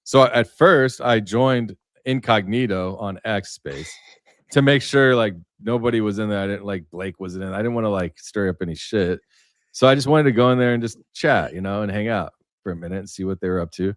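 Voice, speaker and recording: A livestream host with a fairly low voice chats casually and briskly, rambling through his stories with frequent fillers and restarts. He sits close to the mic, so the sound is dry and unreverberant, with no room sound.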